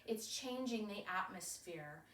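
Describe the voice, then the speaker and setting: A woman plays a cheeky, carefree winged mermaid goddess, telling her own story in first person with a breezy, giggly, playful manner and frequent laughs between phrases. Her mid-range voice is animated, unhurried, and a bit bright. The recording has a roomy echo.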